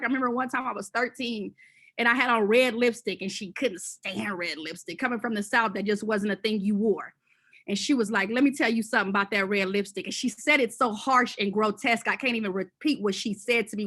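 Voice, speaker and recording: A woman educator and former school principal on a panel, telling stories in a lively, colloquial way and acting out her quoted exchanges. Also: fairly high pitch. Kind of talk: panel discussion storytelling.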